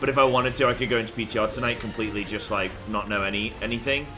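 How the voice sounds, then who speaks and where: A man's voice: on the low side, fairly even intonation, racing, music in the background. A young man chatting loosely on a game stream, rambling with fillers and the odd swear word. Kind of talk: casual live-stream chat.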